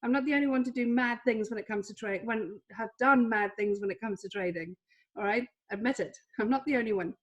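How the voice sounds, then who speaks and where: High-voiced woman telling a story. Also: brisk, muffled recording. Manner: animated, confessional storytelling with bursts of emphasis. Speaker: trading coach. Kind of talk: webinar storytelling. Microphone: webinar microphone.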